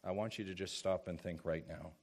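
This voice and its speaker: A man preaching a sermon as pastor, slow and emphatic, swinging from hushed asides to loud calls and asking rhetorical questions. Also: low voice, fairly even intonation, vocal fry.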